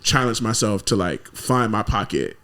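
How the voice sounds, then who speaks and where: A man's voice: lowish voice, moderate pace. Laid-back man chatting as a guest. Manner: relaxed, rambling, heavy use of filler words. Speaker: interview guest, singer and composer. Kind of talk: casual podcast conversation.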